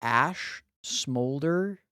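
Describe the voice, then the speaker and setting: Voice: mid-range voice, animated, very slow, pushed and bright, smooth, dry recording, studio quality. A live streamer chatting casually with viewers while solving word puzzles, thinking aloud with blunt, profane banter. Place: home streaming room.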